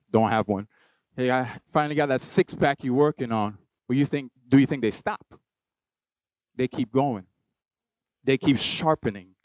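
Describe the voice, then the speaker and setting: A man's voice: mid-range voice, darkish tone, no room sound. Young male preacher, sermon delivery, repetitive rhythmic build to emphatic peaks, dry close sound. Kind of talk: sermon at a baptism service. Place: church hall with a congregation of about two hundred.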